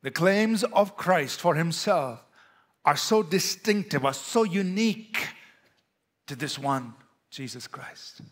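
A pastor with an Indian English accent, preaching a sermon to a church with emphatic, rising and falling delivery. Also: male voice, on the high side, lively intonation, slow.

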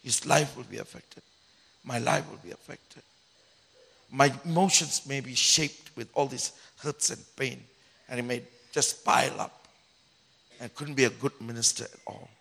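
Bright, gravelly-voiced man preaching. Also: mid-range voice, unhurried. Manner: animated storytelling, voice swings from loud to hushed. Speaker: pastor. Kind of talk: sermon testimony.

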